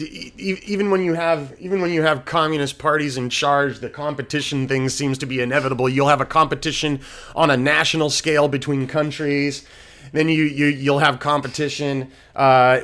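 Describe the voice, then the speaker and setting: Relaxed higher-voiced man hosting a debate. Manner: relaxed, laughs easily, calls guest man. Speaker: debate host. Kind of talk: casual political debate.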